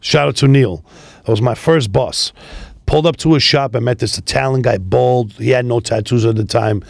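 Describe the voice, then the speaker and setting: A man, a tow business founder telling profane, animated stories in a casual interview. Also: medium pitch, moderate pace, gravelly, no room sound, clean studio sound. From New York City. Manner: profane, animated street storytelling.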